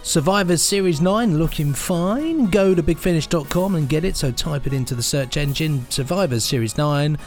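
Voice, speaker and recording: Upbeat man co-hosting, slightly high. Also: animated, moderate pace, hardly any pauses, faint music behind. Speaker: podcast co-host. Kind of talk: casual podcast chat.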